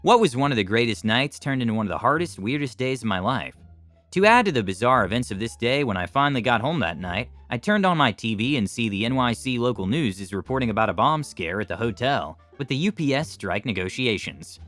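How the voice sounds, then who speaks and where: A man reading online stories aloud and then commenting on them, in a lively storytelling manner. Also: medium pitch, a little fast, no echo, soft background music. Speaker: story channel narrator.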